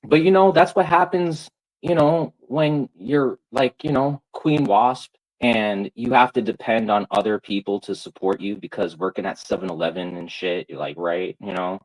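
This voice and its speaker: A man's voice: lowish voice, moderate pace, rough recording. A man streamer on a live-stream rant, angry, profane and taunting.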